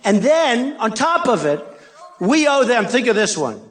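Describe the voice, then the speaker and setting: Speaking at a measured pace, the older candidate has a very high, very animated voice as he works a rally in a large arena. He boasts, circles back over the same points, and tosses out mocking asides. The arena crowd can be heard faintly along with the room's ambience.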